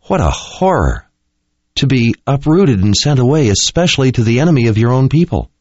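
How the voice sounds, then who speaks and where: A man voicing a compassionate young woman in an audiobook, his voice lifted higher for her. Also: big pitch swings, brisk, darkish tone, dry recording. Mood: horrified. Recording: dull lo-fi dry recording.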